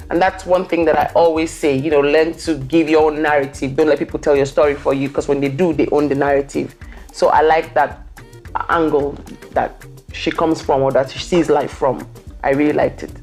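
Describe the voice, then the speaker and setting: Low-voiced woman introducing a guest. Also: darkish tone. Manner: reflective, earnest. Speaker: host in voice-over. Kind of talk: voice-over introduction. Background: faint music.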